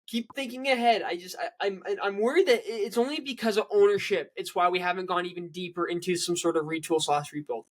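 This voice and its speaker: A man's voice: high voice, fairly quick, few pauses. A man co-hosting a casual sports podcast, rambling with many restarts and fillers. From Canada. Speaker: podcast co-host.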